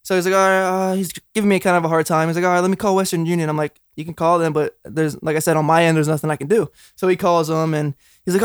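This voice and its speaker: High-voiced fast-talking young man. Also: steady tone, smooth, no echo, studio quality. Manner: storytelling, acts out both sides of exchanges. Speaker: podcast co-host. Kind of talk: casual chat.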